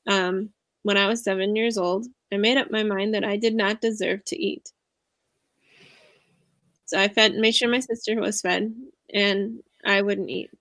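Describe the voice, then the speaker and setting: Earnest woman with a gravelly edge. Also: mid-range voice, fairly even intonation, a little slow, a bit bright, no echo. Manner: earnest, reflective, confiding. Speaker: guest speaker, empowerment coach. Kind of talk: casual interview conversation.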